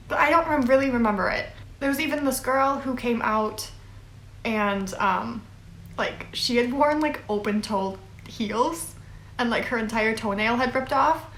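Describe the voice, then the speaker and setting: A woman's voice: a little high, a bit bright. A young woman in her twenties telling a long story casually, rambling with fillers and little laughs. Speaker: vlogger. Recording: echoey room.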